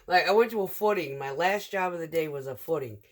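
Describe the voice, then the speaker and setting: A woman's voice: deep voice, a little fast. A middle-aged woman who drives a concrete truck, telling rambling work stories in a casual, chatty vlog full of fillers.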